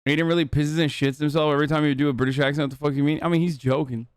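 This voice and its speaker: A man's voice: on the high side, fairly even intonation, racing, clear, resonant tone, no room sound. Profane, rambling male streamer. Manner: loose and profane, rambling with fillers. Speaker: livestreamer. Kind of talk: casual stream chat.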